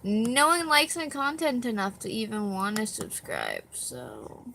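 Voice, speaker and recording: A woman's voice: on the high side, very animated, unhurried, gravelly, noisy background. A young woman chatting casually on a live stream, tired, rambling and self-deprecating, with a dog on her back at home.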